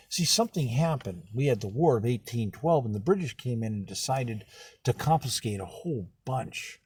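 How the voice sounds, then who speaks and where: Husky-voiced man telling history animatedly. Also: medium pitch, dry recording. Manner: animated storyteller acting out quoted voices. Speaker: political candidate. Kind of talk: campaign talk with storytelling.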